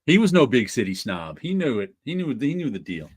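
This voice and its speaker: A man's voice: mid-range voice, sing-song, brisk, slightly rough. A man hosting a casual podcast chat about comics, talkative, laughing often and teasing his guests. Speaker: podcast host.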